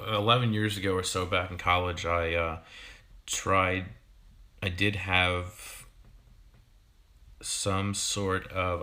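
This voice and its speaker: A man in his thirties talks casually to viewers on a livestream, stopping and restarting often with lots of ums. His voice is very low and flat in pitch, with a bright, slightly edgy tone. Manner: halting, full of ums and restarts. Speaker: fishkeeping YouTuber and sixth-grade teacher.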